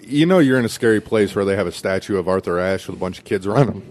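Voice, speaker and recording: A man's voice: fairly low pitch, quick pace, a little mellow. A male comedian from Cleveland chatting in a casual podcast interview, dry and offhand.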